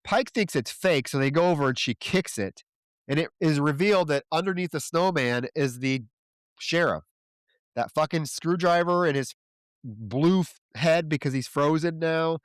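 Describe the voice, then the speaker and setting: A male podcast co-host retells a film's plot in loose, profane chat, slipping into characters' lines as he goes. His voice is smooth and resonant. The recording is close and dry. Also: a little high, normal speed, no room sound. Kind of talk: casual plot recap.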